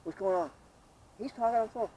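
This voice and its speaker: A man telling stories in casual chat outdoors, gruff and animated, acting out arguments and swearing often. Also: very high-pitched, quick pace, very noisy. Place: outdoors on a street.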